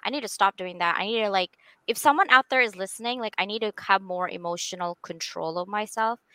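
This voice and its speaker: A woman's voice: medium pitch, fairly quick, bright, forceful tone, dry recording. A woman in her forties hosting a podcast, chatty, gushing and openly emotional. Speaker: podcast host. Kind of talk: casual chat.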